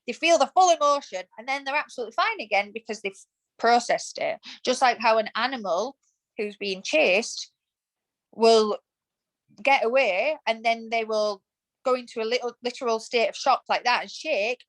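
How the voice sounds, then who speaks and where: A woman's voice: a little high, moderate pace, poor audio. A woman in her thirties, a podcast guest, talking in a passionate, emphatic way in a casual interview. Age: 30s. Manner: emphatic and passionate, acts out quoted thoughts.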